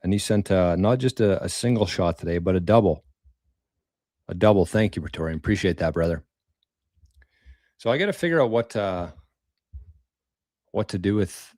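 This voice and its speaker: A man's voice: lowish voice, darkish tone, no room sound, clean studio sound. A man hosting a casual live stream, thanking viewers for tips in a rambling way, repeating words and using mild slang. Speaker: livestream host reading viewer tips.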